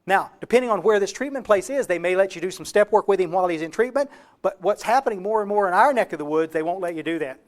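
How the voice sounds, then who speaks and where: A man with a Texan accent giving a fast, folksy and emphatic recovery talk to a workshop audience. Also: high-pitched, lively intonation. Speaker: recovery speaker.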